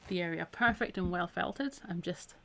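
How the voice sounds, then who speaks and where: A Scottish woman with a low-leaning, gravelly yet fairly bright voice runs a live-streamed needle felting tutorial at a normal pace. She chats and encourages viewers while she works, her voice a bit tired after a week of talking.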